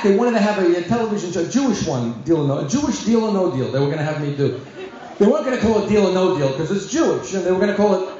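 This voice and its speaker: A middle-aged man, a rabbi, telling a humorous story to an audience in a chatty, joking way with quick asides. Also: high voice. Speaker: rabbi giving a guest talk. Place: large echoey room at a community event. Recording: echoey hall, dull lo-fi sound.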